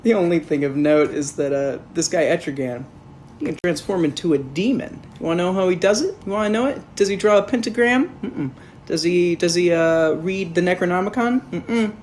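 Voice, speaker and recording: A woman's voice: lowish voice, brisk, darkish tone, slight background noise. Sarcastic woman reviewing a movie. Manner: sarcastic, jokey asides, swears casually. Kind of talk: sarcastic comedic film review.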